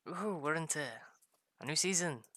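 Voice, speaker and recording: A man's voice: a little high, moderate pace, sharp tone, dry recording. A man giving rambling, casual commentary over a video game, laughing often. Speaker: gaming video host.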